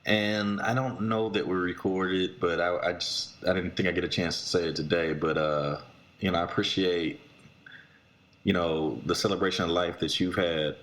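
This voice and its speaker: A man hesitantly offering kind words on a video call, halting and full of "you know" and "uh". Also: low-pitched, fairly even intonation, a bit bright, a little hiss or hum. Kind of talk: casual supportive remarks.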